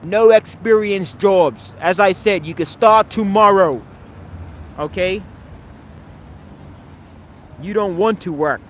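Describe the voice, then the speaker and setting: The livestreamer's voice sits high, and he takes it slowly with frequent pauses as he confronts and scolds his chat. He swears often, repeats phrases and ends lines with "man." The lo-fi sound carries a little hiss or hum.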